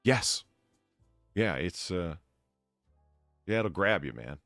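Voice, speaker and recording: A man's voice: low voice, big pitch swings, slow pace, creaky, a bit bright, no echo, clean studio sound, soft background music. A man hosting a casual live stream, thanking donors and rambling in a self-deprecating way. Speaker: bartender host.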